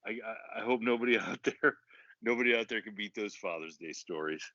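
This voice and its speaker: A man's voice: on the low side, brisk, pushed and bright, no echo. A man on a podcast chiming in with short reactions and frequent laughs. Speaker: podcast co-host. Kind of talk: casual chat. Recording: dull lo-fi podcast audio.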